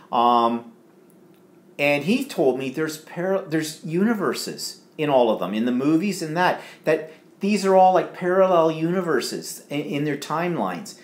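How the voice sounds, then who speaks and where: A man co-hosting a live home stream, chatting casually and reading out viewer comments with lots of fillers. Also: on the high side. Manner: rambling, chatty, filler-heavy. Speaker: co-host of a live stream show. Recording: echoey room.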